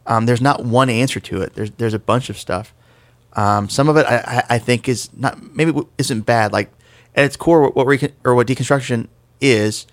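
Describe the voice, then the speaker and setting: A podcast co-host talks through faith in a casual discussion, explaining things conversationally and throwing in the odd self-deprecating joke. His voice is fairly low and gravelly, recorded with no room sound.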